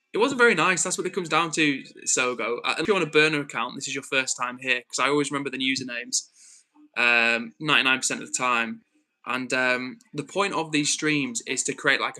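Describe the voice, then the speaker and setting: A young man with a Northwest English accent hosting a live stream, reading chat and calmly, earnestly lecturing a troll with many restarts. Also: mid-range voice. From Northwest England. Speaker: livestream host.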